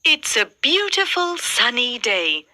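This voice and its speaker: A woman reading a children's story aloud slowly and clearly, with a lot of expression, for learners. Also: a little high, big pitch swings, sharp tone, no room sound.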